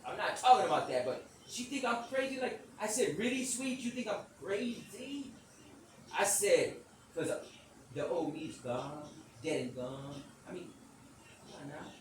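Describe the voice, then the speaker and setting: A man with a high, lively voice spins a rambling personal story, loudly acting out each exchange and laughing as he goes. He sits well back from the mic in a very echoey space with faint room ambience. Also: normal speed, recorded from a distance, noisy background. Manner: animated, loud, acts out quotes and laughs often. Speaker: self-described psychic medium telling a story.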